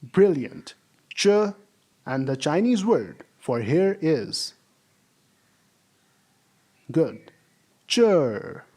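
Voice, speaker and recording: A man teaching a language lesson, saying model sentences slowly for students to repeat and praising them. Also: a little high, big pitch swings, dark tone, slightly rough. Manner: slow, drawn-out model sentences for repetition; encouraging, praises imagined students. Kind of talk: classroom-style language lesson.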